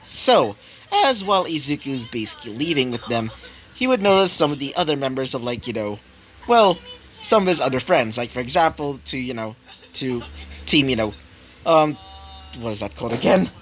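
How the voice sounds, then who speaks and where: A man's voice: medium pitch, lively intonation, normal speed, a bit bright. Rambling man improvising a fan story. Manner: rambling, many fillers and self-corrections. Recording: noisy home recording.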